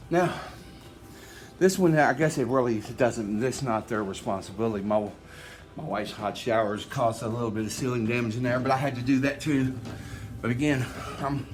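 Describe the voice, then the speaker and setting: Guy giving a home tour on his phone, rambly, faint music under it. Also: mid-range voice. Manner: rambling, repeats himself, conversational. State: short of breath at times. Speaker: homeowner vlogger. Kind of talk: casual walkthrough video. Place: inside his house and outside in the yard.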